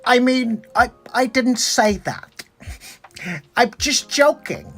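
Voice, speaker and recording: Hear a nerdy tech billionaire, put on by a performer in a comedy bit. The voice rides high and slow, loud and giggly, with faint music behind. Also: big pitch swings, heavily acted. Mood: sly. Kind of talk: comedic impression.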